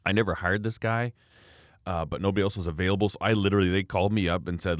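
A man's voice: low-pitched, fairly even intonation, rapid-fire, no room sound, clean studio sound. A man in his thirties telling a story in casual chat, laughing often and acting out quotes.

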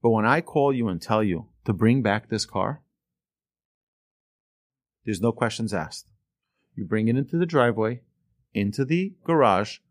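A man voicing a wealthy bachelor uncle who speaks in a low, measured and firm way. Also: expressive, no echo, clean studio sound.

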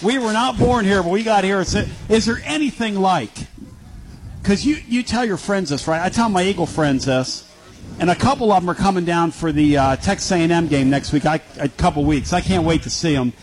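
A man from Philadelphia hosting a sports talk radio show, excitable and quick to hype up his guests. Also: on the high side, rough recording.

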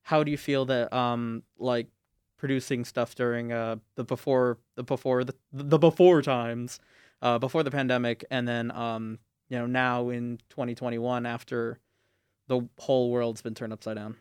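A young man hosts a casual panel, his voice smooth and resonant in a dry, close recording. He asks long, meandering questions padded with fillers. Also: mid-range voice, level tone, moderate pace, no room sound. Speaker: panel host. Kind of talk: casual interview chat.

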